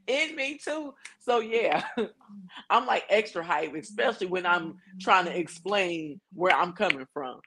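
A woman guest on a podcast, chatting casually, relaxed and quick to laugh as she tells her side. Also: mid-range voice, a little hiss or hum, low-quality recording. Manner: relaxed, laughs easily, agreeing. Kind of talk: casual chat.

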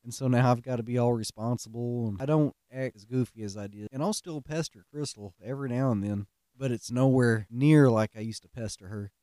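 A man's voice: medium pitch, fairly quick, dark tone, dry recording, studio quality. A middle-aged man, telling stories in a folksy, self-mocking way and laughing at his own pranks. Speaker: podcast host. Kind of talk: casual storytelling monologue.

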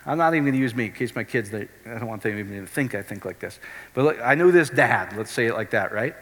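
A middle-aged man preaching a sermon, animated and often checking whether his listeners follow. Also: medium pitch, fast. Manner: animated, keeps asking the crowd if it makes sense. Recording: long hall reverb.

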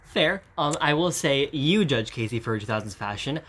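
A woman's voice: very deep voice, animated, moderate pace, fairly bright tone, husky. A woman co-hosting a podcast, chatting casually and tossing in dry, teasing quips. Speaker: podcast co-host. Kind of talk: casual chat.

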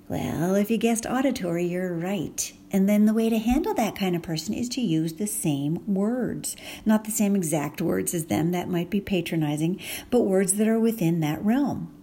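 Chatty woman host explaining stuff, laughs a lot, mellow relaxed voice, faint room hum. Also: fairly low pitch. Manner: chatty, laughs often, acts out example phrases. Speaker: podcast host. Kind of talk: casual teaching talk.

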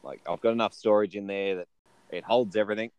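Easygoing Australian guy, deep smooth voice, casual guest chat. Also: fairly even intonation, quick pace, no room sound, lo-fi sound. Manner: laid-back, self-deprecating, easygoing.

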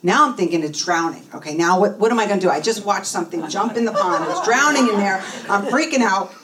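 Over a loud crowd, a middle-aged woman talks fast in a medium-pitched voice, telling an interviewer a personal story. She animatedly acts out the voices of the people involved, and her voice is somewhat distant from the mic.

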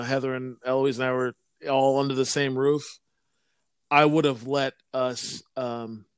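A man co-hosts a podcast in casual conversation, rambling with lots of fillers and hesitations. His mid-range voice has a fairly bright, smooth tone. The audio is studio quality with no room sound.

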